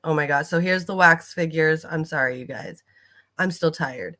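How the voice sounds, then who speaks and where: A woman with a bright, slightly low voice talks through videos in a casual reaction commentary. She rambles and fills her sentences with ums and likes, and swears casually. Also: measured pace, pauses often.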